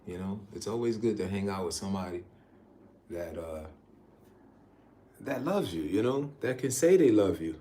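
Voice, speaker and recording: A man's voice: low-pitched, expressive, moderate pace, long pauses, dark tone. Laid-back American man chatting on a livestream. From United States. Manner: laid-back, chatty, laughs often, says "y'all". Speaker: travel vlogger reading live chat. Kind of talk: casual livestream chat. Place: outdoors in a city. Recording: echoey with faint ambient noise.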